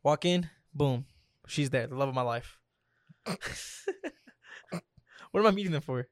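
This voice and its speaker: A man's voice: mid-range voice, unhurried, dry recording, studio quality. A young man telling a made-up scenario in casual chat with a friend, acting out every exchange in slang. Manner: animated storyteller, acts out quotes with slang. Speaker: storyteller in a hypothetical scenario game. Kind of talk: casual banter between friends.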